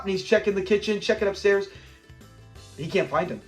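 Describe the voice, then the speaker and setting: Brief: middle-aged man with a high voice recapping a sitcom episode, animated, slips into the characters' voices, faint music underneath. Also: normal speed. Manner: animated retelling, acting out characters' lines. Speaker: host of a classic TV channel. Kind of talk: casual episode breakdown.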